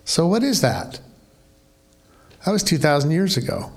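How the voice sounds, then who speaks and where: A man's voice: a little high, very animated, unhurried. A man preaching a sermon as pastor, conversational and wry, full of rhetorical questions.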